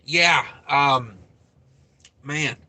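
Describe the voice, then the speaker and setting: Bright-voiced trucker chatting on a livestream. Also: male voice, fairly high pitch, very slow, no echo. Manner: rambling, thinks aloud, reads viewer names. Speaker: trucking channel host. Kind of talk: casual livestream chat.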